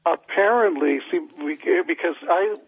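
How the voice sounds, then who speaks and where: A man from Florida calling in to a radio talk show and explaining his view at a measured pace. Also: high voice, vocal fry, husky, no room sound. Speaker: caller. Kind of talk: phoned-in call to a radio show. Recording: tinny phone line.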